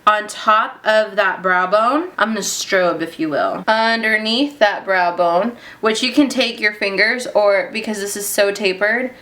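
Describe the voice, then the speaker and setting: Bright-voiced young woman walking through makeup. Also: mid-range voice. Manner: gushing, breaks into excited squeals. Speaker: beauty vlogger. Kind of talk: casual makeup tutorial narration.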